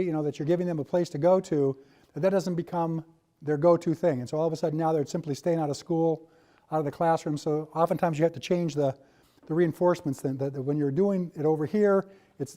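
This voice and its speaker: A man's voice: on the high side, mellow. A man leading a professional training workshop, coaching participants and joking with them. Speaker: workshop presenter. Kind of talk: workshop facilitation.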